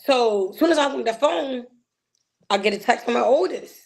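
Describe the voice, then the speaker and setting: A woman, a guest telling an emotional personal story in an animated way, acting out the voices she quotes. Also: on the high side, a little fast, gravelly.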